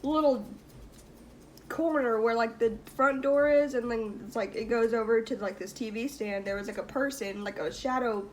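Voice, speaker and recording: A woman's voice: a little high, normal speed, slight background noise. A young woman hosting a vlog, casually telling a spooky story with lots of "like" fillers and giggles. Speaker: vlog host.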